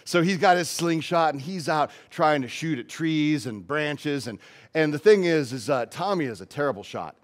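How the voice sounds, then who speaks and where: A man's voice: on the high side, expressive, normal speed. A male pastor giving a casual, story-driven sermon in a church.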